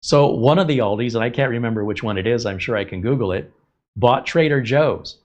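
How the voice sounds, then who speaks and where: A man hosting a tech show, telling a rambling casual story from the US West Coast, chatty and sometimes loud and incredulous. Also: medium pitch, brisk, lo-fi sound. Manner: chatty, gets loud and incredulous when joking. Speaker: tech channel host.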